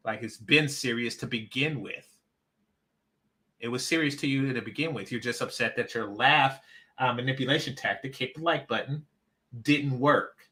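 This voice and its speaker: A man's voice: mid-range voice, animated, normal speed, bright, forceful tone. A man hosting a reaction commentary, emphatic and mocking, often repeating himself. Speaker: commentary channel host.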